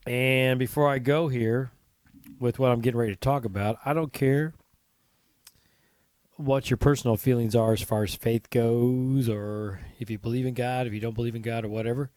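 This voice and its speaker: A man's voice: medium pitch, steady tone, moderate pace, a little mellow, no echo. A man hosting his own podcast, talking casually and earnestly to listeners, rambling with asides and restarts. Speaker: podcast host. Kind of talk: casual solo podcast talk.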